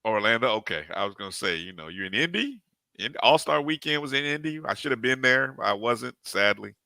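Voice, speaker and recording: A man hosting a streamed sports talk show, his bright voice moving lively up and down as he greets viewers by name. The sound is dry and close to the mic. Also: medium pitch, brisk, vocal fry, dry recording. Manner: animated, repeats greetings to each viewer by name.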